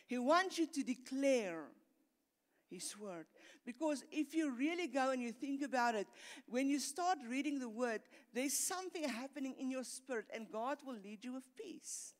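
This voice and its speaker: A woman's voice: high-pitched, expressive, unhurried. A middle-aged woman pastor, preaching an earnest sermon that builds in intensity and often repeats words. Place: church hall. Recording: long reverb of a church hall.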